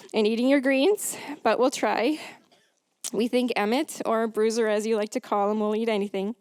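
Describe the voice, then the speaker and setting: A woman with an English accent reading family tributes aloud at a memorial, measured and pausing to clear her throat. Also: on the high side, a little mellow, no echo.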